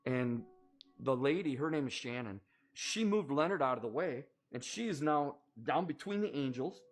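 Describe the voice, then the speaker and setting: A man recounts a deeply personal experience in an earnest, measured testimony. His voice sits at an ordinary middle pitch, and he often pauses to find the right words. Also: animated. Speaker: storyteller recounting a personal near-death experience.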